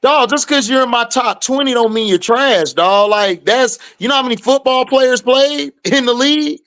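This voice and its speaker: Animated man, high voice, dry close sound, casual football talk. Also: moderate pace, no room sound. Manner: animated, emphatic, slangy. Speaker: podcast host.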